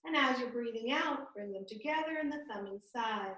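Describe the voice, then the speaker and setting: A woman guiding a yoga class over a video call, giving gentle, calm and soothing step-by-step cues. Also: fairly high pitch, normal speed, far from the mic. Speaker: yoga instructor. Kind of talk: guided yoga class instruction. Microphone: computer mic on a video call. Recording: echoey video call audio from off-mic.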